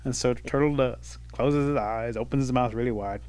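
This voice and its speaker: A man tells a traditional animal folk tale in a relaxed, conversational style, with the occasional filler and pause. His voice sits at an ordinary middle pitch. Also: no room sound. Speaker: storyteller. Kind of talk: oral folk storytelling.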